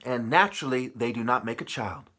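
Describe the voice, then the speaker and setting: Guy ranting, preachy and cursing, husky tense voice, pitch all over. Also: lively intonation, a little fast. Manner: swings from muttering to shouting, profane and preachy. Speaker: vlogger. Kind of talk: ranting monologue.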